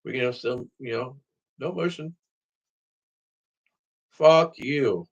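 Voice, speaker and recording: Man of average pitch, vlogs alone to camera, loose profane rambling. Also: brisk, gravelly, breathy edge, dull audio. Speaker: vlogger. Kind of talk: casual vlog monologue.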